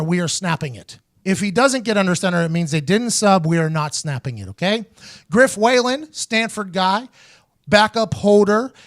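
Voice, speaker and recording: American male host, 30s, high-pitched, animated profane storyteller, dry close mic. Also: dry recording. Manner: animated, profane, acts out quotes in raised voice. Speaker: host, former punter. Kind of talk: casual storytelling podcast chat.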